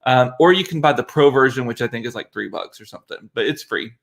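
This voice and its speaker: Brief: chatty, giggly male host on a home computer mic, mid pitch, keeps cracking himself up. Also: expressive, quick pace, creaky. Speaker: livestream host, father. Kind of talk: casual livestream chat.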